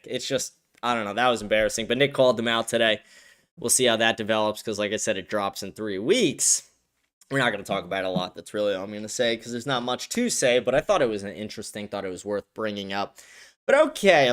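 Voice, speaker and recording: A man's voice: medium pitch, fairly bright tone. A man hosting a live-stream show, ranting bluntly in casual commentary, heavy on profanity.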